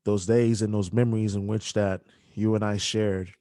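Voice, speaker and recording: Somber low-voiced male podcast host. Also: level tone, mellow, no room sound, clean studio sound. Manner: halting, emotional, with many restarts. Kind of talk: emotional podcast dedication and interview.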